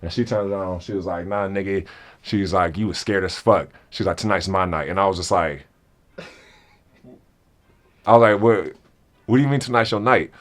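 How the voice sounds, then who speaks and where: Lively man telling a wild story. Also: low-pitched, normal speed, long pauses. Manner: animated, acts out both sides of a conversation. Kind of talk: comedic storytelling among friends.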